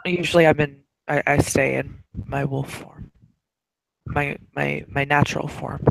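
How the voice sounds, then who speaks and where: A woman voicing a meek adult female werewolf who stumbles over her words in a soft, hesitant way. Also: deep voice, little pitch movement, unhurried, gravelly, dry recording, heavily acted, low-quality recording. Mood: shy.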